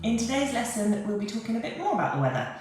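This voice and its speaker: A woman teaching a beginner French lesson, speaking clearly and patiently, repeating phrases slowly. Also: fairly high pitch, very animated, echoey room, loud music behind the voice, poor audio.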